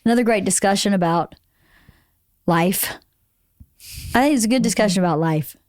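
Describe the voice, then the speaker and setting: A woman hosting a casual podcast book club chat, playful and quick to joke. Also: medium pitch, a little mellow, dry recording. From American South. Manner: playful, jokey, laughs often. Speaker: podcast host.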